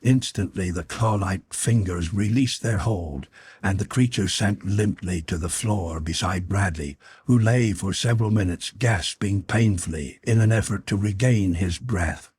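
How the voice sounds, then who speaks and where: A man reading an adventure novel aloud as an audiobook narrator, in a measured, dramatic way. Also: low-pitched, a little mellow, breathy edge, dry recording. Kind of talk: scripted narration.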